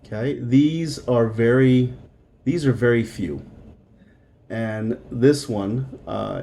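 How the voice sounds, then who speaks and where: A man's voice: medium pitch, warm tone, slight background noise. A man teaching a recorded beginner Spanish lesson, explaining patiently step by step and repeating words.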